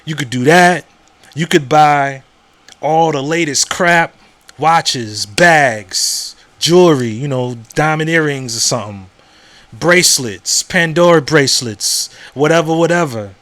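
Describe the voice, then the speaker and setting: A male podcast host delivers a casual, frank monologue full of profanity, repetition and checks such as "you know what I'm saying?" His voice is a little high and fairly bright, his pace is measured, and there's no room sound.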